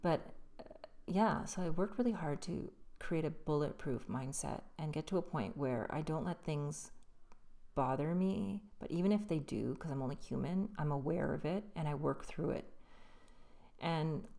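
Woman solo podcast host, low mellow voice, rambling casual storytelling, voice slightly worn. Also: unhurried, gravelly. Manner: loose, rambling, frequent restarts. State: slightly losing her voice.

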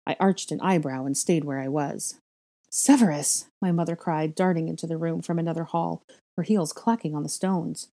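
A woman reading a first-person story aloud in a measured, quiet way. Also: sits low, steady tone, creaky. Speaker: reader of a fan fiction story.

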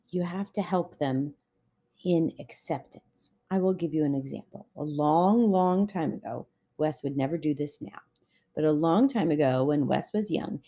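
A woman's voice: medium pitch, warm tone. A middle-aged woman giving a casual devotional talk, conversational and full of personal anecdotes. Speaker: Christian relationship speaker.

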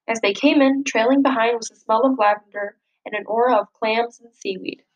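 A woman reads a children's picture book aloud in a slightly high voice. She is gently expressive and lifts her voice for the characters' lines. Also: a little fast, lo-fi sound. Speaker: storybook reader.

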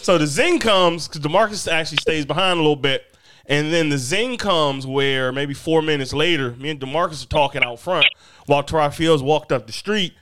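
A man casually telling a funny story on a podcast, animated and often laughing as he acts out what others said. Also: fairly high pitch, moderate pace, noisy background. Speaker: podcast host.

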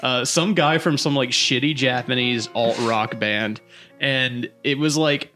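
A man's voice: mid-range voice, a little slow, pushed and bright, soft background music. A young man in casual, profane banter among friends, teasing and rambling. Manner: rambling, teasing, swears freely.

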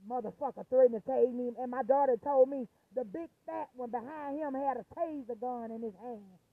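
A woman's voice: sits high, moderate pace, no echo. A distressed woman venting angrily and cursing, repeating herself as she tells of her ordeal, recorded at home. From United States. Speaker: vlogger telling of her ordeal. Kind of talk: emotional personal rant. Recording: tinny phone-like audio.

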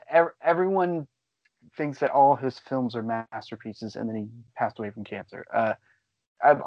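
An excitable man rambles through casual movie talk as a podcast co-host and swears freely. The audio is slightly dull and lo-fi. The room is dry, with the mic close to him. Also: medium pitch, no echo. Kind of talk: casual chat.

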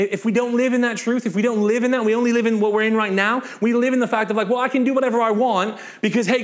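A man with a high, bright voice preaches a sermon to his congregation. He is lively and informal, dropping joking asides between scripture readings. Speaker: pastor. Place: church in front of a congregation.

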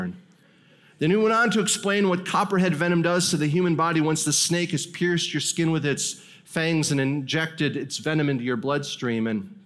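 A man preaching as a guest speaker, telling a long personal story with wry humor and quick asides. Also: fairly high pitch, a bit bright. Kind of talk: sermon storytelling.

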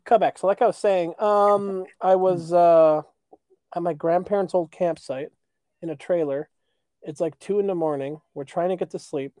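A young man from Canada, co-hosting a podcast, telling stories in animated casual chat and belting out chants. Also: high voice, moderate pace, dry recording. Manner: animated storyteller, breaks into laughter, belts out chants. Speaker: podcast co-host.

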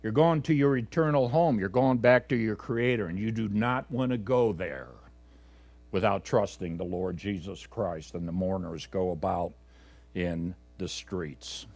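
At a measured pace and with a creaky voice, a pastor delivers a sermon to his congregation. Loud, emphatic exhortations give way to quiet, low asides, and his conversational style includes fillers and self-corrections.

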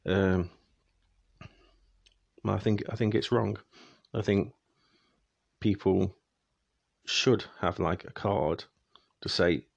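A man's voice: lowish voice, a little slow, gravelly, pauses often, darkish tone, dry recording. A young man ranting in a casual, exasperated monologue to his viewers, speeding up when annoyed. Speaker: vlogger.

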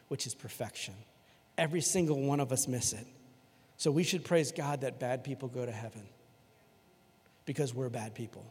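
A man preaching a sermon to his church in a casual, conversational way, switching between loud emphasis and quiet, earnest stretches. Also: mid-range voice, husky. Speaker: pastor. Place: church sanctuary. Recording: long hall reverb in a church.

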